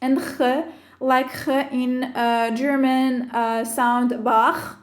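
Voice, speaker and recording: High-voiced woman teaching in an echoey room. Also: little pitch movement. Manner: slow, careful listing of sounds and terms. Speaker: Arabic teacher. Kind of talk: explaining phonetics with slides.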